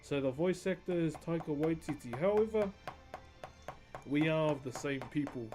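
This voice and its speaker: Rural New Zealand man, relaxed livestream host, friendly brotherly banter, a touch high-pitched. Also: normal speed, faint music behind. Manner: laid-back, jokey, calls everyone brother. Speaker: wood carver streaming live. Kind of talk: casual livestream chat with viewers.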